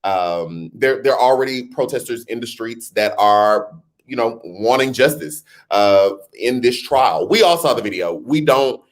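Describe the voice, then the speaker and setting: A man's voice: medium pitch, animated, measured pace. A man hosting a casual live-stream chat, talking straight to his viewers, now and then slipping into a playful newscaster voice. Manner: chatty, talks straight to viewers, laughs at himself; jokingly puts on a newscaster voice. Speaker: host.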